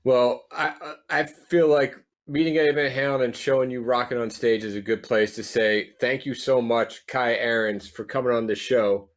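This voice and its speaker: A man's voice: medium pitch, fairly even intonation, moderate pace, hardly any pauses. Upbeat male podcast host. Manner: upbeat, brief reactions. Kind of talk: casual interview.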